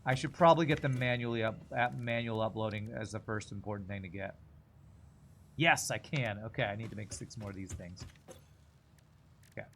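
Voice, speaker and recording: A young adult man streaming a game, chatting casually and thinking out loud as he plays. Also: fairly low pitch, slight background noise. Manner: chatty, thinks aloud, quick laughs. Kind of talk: casual gameplay commentary.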